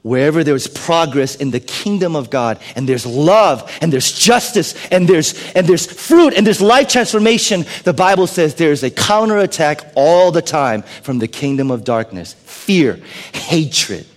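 A man preaches from the pulpit of a church, his voice rising high and lively, then dropping to a hushed whisper for effect. The pitch sits somewhat high for a man. A long reverb from the sanctuary trails behind every phrase. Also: a little slow. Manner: dramatic shifts between loud emphasis and hushed whispers. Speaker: pastor. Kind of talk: sermon.

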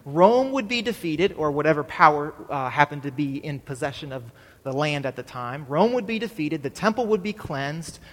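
A man's voice: fairly high pitch, lively intonation, moderate pace, big-room sound. A male pastor preaching a sermon in a conversational way, often checking in with the congregation and having them repeat his main point. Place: church.

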